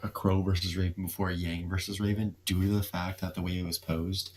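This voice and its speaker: A man with a fairly low voice, talking casually and fast about his opinions. His speech is full of "like" and quick restarts. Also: flat delivery. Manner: quick opinionated chatter with frequent fillers. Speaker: podcast co-host. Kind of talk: casual review chat.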